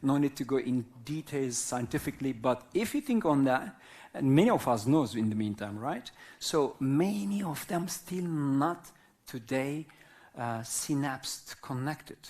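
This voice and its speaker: Man, 50s, from Turkey, native Arabic speaker, philosophical live talk, very lively intonation, unhurried. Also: a little high. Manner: slow, philosophical, checks in with listeners; non-native English with simple grammar. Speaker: whirling dance teacher.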